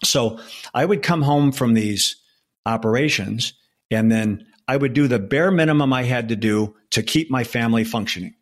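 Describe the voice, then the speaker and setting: During an interview, a former undercover federal agent in his sixties recounts a personal story at medium pitch. His telling is heartfelt and emotional, broken by halting restarts.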